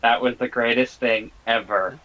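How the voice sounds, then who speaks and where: Irreverent, bright-voiced male co-commentator. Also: medium pitch, steady tone, moderate pace, muffled recording. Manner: irreverent, swearing, laughing. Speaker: wrestling game co-commentator. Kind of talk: casual color commentary.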